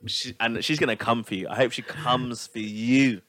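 A man in casual chat, animated and teasing, swearing freely as he reacts to his friend. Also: mid-range voice, normal speed, heavy background noise.

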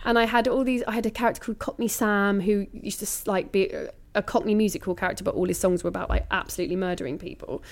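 A woman in her thirties, a comedian being interviewed, talking candidly and reflectively, often lively and laughing. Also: medium pitch, fast talker, few pauses.

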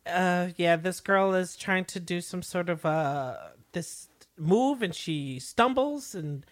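Relaxed podcast co-host, dry sound. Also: mid-range voice, slow pace, dry recording. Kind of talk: casual recap chat.

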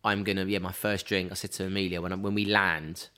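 A man chatting casually as a guest, telling stories in an animated way and laughing often. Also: deep voice, fast talker, slight background noise. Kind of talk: casual chat.

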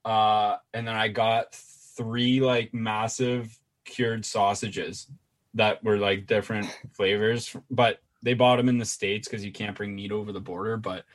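A man's voice: on the low side, level tone, a little slow. A young man with a Canadian accent, co-hosting a podcast and telling stories in a laid-back, casual way. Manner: laid-back storytelling, swears, lots of fillers. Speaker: podcast co-host. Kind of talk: casual chat.

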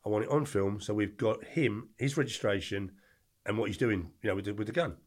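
A man's voice: on the low side, fairly quick. An older man, a podcast guest telling stories in a rambling, blunt way, often stopping to correct himself. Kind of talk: casual storytelling.

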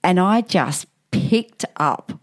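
A woman's voice: fairly low pitch, lively intonation, slow. A woman co-hosting a casual parenting chat, candid and laughing as she tells stories and acts out quotes. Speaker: podcast co-host.

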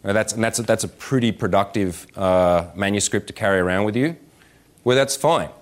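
A man's voice: on the low side, a little fast. A man, a dating coach giving a live seminar talk. He swears freely, jokes and acts out little scenes. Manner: profane, animated and joking, slips into voices to act out scenes. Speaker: dating coach speaking at a workshop. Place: indoor event room with about 160 people.

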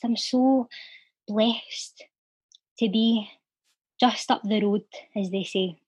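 A Scottish woman, a poet and charity volunteer appearing as an interview guest, recites her own poem with rhythmic, heartfelt delivery and then chats casually. Her voice is a little high with a breathy edge. The recording is dry and the audio dull.

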